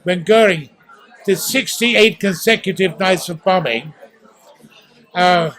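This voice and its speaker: A man's voice: high-pitched, slow, fairly bright tone, rough recording. A man in his eighties from the East End of London with a posh English accent, telling stories theatrically in an interview at a restaurant. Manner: theatrical, acts out sounds. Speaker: guest actor. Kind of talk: storytelling interview.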